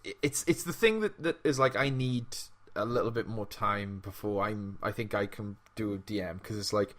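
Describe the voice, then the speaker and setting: Laughing, animated podcast co-host man. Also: lowish voice, moderate pace. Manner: laughs often, animated storytelling. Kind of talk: casual chat.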